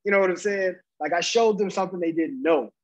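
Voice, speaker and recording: A man's voice: high-pitched, fast talker, low-quality recording. A man co-hosting a podcast, ranting heatedly and profanely in casual chat. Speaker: podcast co-host.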